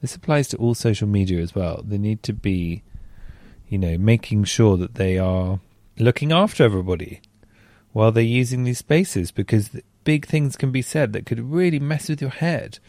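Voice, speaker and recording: A man hosts a podcast in a relaxed, earnest way, leaning on fillers as he talks. His voice is low-set and mellow. The sound is close and dry. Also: gravelly, no echo. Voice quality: chatty, earnest, uses many fillers. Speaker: podcast host. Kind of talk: casual chat. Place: at home in bed.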